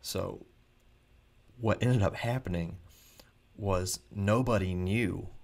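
A man, a preacher hosting his own vlog, telling anecdotes in a chatty, animated way with frequent restarts. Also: sits low, creaky. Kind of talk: casual anecdotal storytelling.

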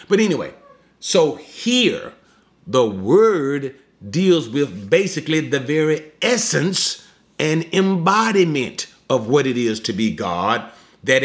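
Man, preacher, teaching sermon, slow and deliberate, animated pitch, emphatic. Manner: emphatic, slows down to explain.

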